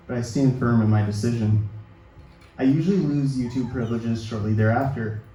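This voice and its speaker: A man in his thirties reads his personal essay to a live audience, measured and quietly self-deprecating. His voice is mellow and dark at a middling pitch. It comes from well off the mic and rings around a very echoey hall over a faint hiss. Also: recorded from a distance. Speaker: author reading his own work. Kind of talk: literary reading of a personal essay. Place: event hall at a book release reading.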